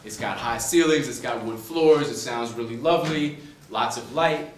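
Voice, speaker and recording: A man's voice: mid-range voice, moderate pace, a little hiss or hum. A man from the Boston suburbs, an author speaking to a university class, telling a story in a conversational way with many fillers. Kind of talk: humorous storytelling lecture. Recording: echoey room, distant mic, faint ambience.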